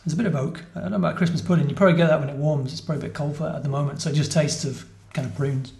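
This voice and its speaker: A man's voice: on the high side, steady tone, racing, vocal fry, darkish tone, a little hiss or hum. A man hosting a podcast, chatting casually over a beer tasting and explaining facts as he goes, correcting himself now and then. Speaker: podcast host. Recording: roomy echoey room.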